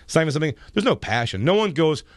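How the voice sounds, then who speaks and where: A man's voice: on the high side, rapid-fire, dry recording, studio quality. Man telling raunchy stories on the radio. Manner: profane, animated anecdotes with laughs. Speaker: comedian guest. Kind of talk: radio interview storytelling. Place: radio studio. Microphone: studio microphone.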